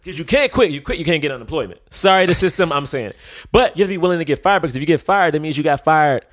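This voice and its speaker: A man chatting as a podcast guest, an animated comedian who jokes and acts out bits as he talks. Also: fairly high pitch, fast talker. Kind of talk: casual podcast chat.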